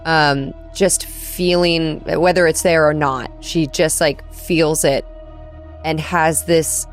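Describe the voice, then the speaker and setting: A woman's voice: low voice, steady tone, slow pace, soft background music. A woman playing in a tabletop game, chattily describing her character's actions with many fillers. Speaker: player. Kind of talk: casual in-game narration.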